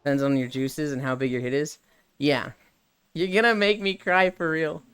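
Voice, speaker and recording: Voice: mid-range voice, steady tone, moderate pace, a bit bright, smooth, faint music behind. A live streamer chatting casually with viewers, laughing often and reading chat messages aloud.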